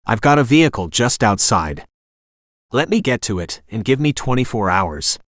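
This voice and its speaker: A man's voice: medium pitch, sing-song, normal speed, a bit bright, dry recording, clean studio sound. A male synthetic narrator reading the lines of a desperate, profane man holding a woman hostage. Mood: threatening. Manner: harsh, profane, threatening. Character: desperate cornered male sketch artist, vicious.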